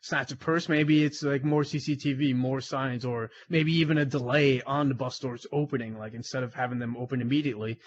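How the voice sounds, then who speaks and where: A man's voice: medium pitch, fairly quick, few pauses, dull audio. A man guest on an interview podcast, telling a story casually, laughing often and acting out the dialogue. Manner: animated, laughs often, acts out quoted dialogue. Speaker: crime analyst guest.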